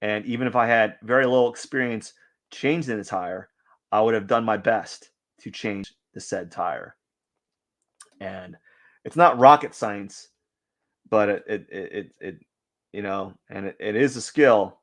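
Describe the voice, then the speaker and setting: A man's voice: fairly low pitch, unhurried. Rambling man chatting while he draws. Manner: rambling, many restarts and fillers. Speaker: artist live-streaming his drawing. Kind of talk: casual rambling chat while drawing.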